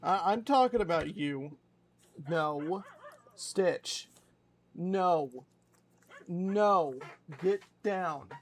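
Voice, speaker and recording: A man's voice: high voice, drawn-out words, long pauses, slight background noise. A man streaming, chatting casually and swearing while scolding his dog. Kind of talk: casual chat on a live stream.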